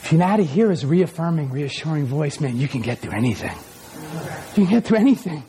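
A male pastor preaching an impassioned sermon, swinging from shouts down to whispers. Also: a little high, very animated, fast, slight background noise. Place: church.

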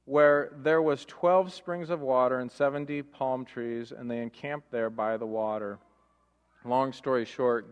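A man preaching a sermon as pastor, animated, firing off rhetorical questions and mimicking grumbling voices for laughs. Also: mid-range voice. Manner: animated, rhetorical questions, mock-complaining voices for comic effect. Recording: long hall reverb.

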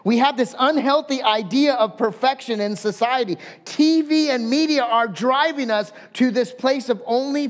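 High-voiced pastor in a reverberant hall. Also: male voice. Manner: storytelling with lively voiced quotes and listed words. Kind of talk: sermon.

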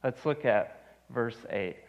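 A man's voice: medium pitch, takes it slowly, dull audio. A man in his thirties preaching a sermon, earnest and repeating his key phrases for emphasis. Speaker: pastor.

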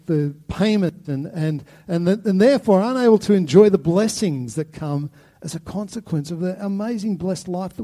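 A man's voice: a little high, dark tone. A man preaching a sermon with passion, often repeating words as he drives a point home. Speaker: pastor.

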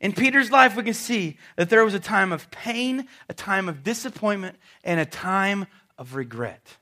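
A man preaching a sermon to a congregation, telling the story dramatically and dropping suddenly to a soft voice. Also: high-pitched, animated, normal speed. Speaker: pastor. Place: church service before a congregation.

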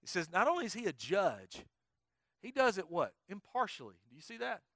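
High, bright preacher man. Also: huge pitch swings, a little fast, no room sound, studio quality. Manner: emphatic call-and-response preaching, quizzing the congregation. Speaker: pastor. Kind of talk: sermon.

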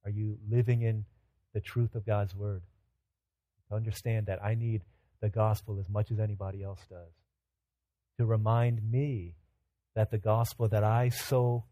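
A pastor giving a sermon, telling humorous self-mocking stories with animation, then turning earnest and quieter as he exhorts. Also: fairly low pitch, fairly even intonation, normal speed, dry recording, lo-fi sound.

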